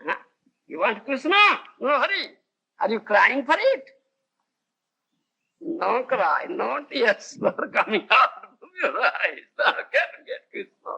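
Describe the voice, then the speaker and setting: A man's voice: very high-pitched, sing-song, slow pace, gravelly, pauses often, sharp tone, breathy edge, highs cut off. A man with an Odia accent giving a devotional lecture, often laughing and asking his listeners whether they understand, on an old tape recording. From India. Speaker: spiritual teacher.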